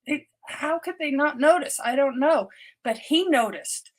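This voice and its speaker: A woman's voice: high-pitched, measured pace. An older woman, a doctor, telling her personal story as a podcast guest, earnest and often repeating words as she restarts her sentences.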